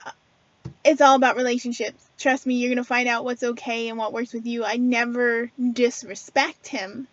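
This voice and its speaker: A woman's voice: fairly high pitch, level tone, moderate pace, lo-fi sound. A woman hosting a casual spiritual talk to her viewers, chatty and earnest, with frequent fillers and restarts. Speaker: spiritual video host.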